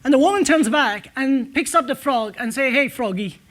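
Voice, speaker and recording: Keynote speaker, man, higher voice, relaxed storytelling at a conference. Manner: storytelling, conversational with filler pauses. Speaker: entrepreneur speaker. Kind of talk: conference talk. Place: conference stage.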